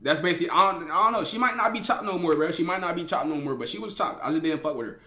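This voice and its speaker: A young man telling a story to his live chat in a casual, slangy way, laughing often and swinging between loud and hushed. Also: on the high side, racing. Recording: roomy echo.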